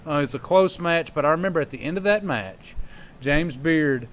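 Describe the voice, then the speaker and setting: A man's voice: a little high, lively intonation, moderate pace. A man hosting a wrestling podcast, telling long joking stories in casual chat. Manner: rambling, joking storyteller.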